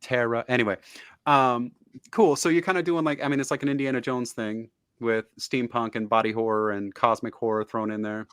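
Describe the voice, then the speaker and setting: A man's voice: medium pitch, fairly even intonation, fairly quick, a bit bright, clean tone, no echo. A man hosting an interview in a casual, teasing way, laughing often as he chats with his guest. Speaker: interview host.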